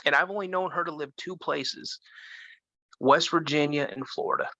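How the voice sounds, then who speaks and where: A man in his fifties tells a first-person story in an animated way, with frequent restarts. His voice is bright and forceful, with no room sound at all. The audio is dull and lo-fi, like a remote call. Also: fairly high pitch, normal speed, no echo. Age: 50s. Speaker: guest.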